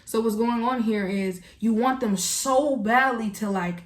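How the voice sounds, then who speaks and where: A woman tarot reader with a voice on the high side speaks straight to the viewer at a measured pace. Her reading is casual yet earnest and emotional, and the room is echoey.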